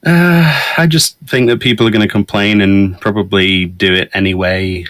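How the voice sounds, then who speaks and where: A man with a very low voice speaks as a podcast guest, dropping dry, wry remarks in casual chat. The sound is close and dead, with no room around it. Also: fairly even intonation, moderate pace, a bit bright, no room sound.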